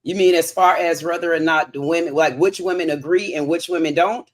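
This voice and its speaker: A woman's voice: on the low side, steady tone, fairly quick. A woman on a panel who speaks candidly, with laughing asides. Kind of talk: live panel discussion.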